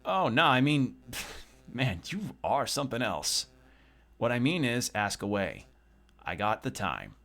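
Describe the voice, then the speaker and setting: A man's voice: medium pitch, very animated, a little slow, vocal fry, pauses often, pushed and bright, heavily acted. A man voicing a laid-back young male mechanic in a video game, drawling in casual slang and calling the listener little man. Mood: easygoing.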